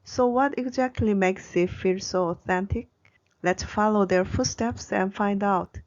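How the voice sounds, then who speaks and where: A woman giving a scripted narration as a Korean language educator, explaining in a bright, clear way. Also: medium pitch, unhurried, lo-fi sound.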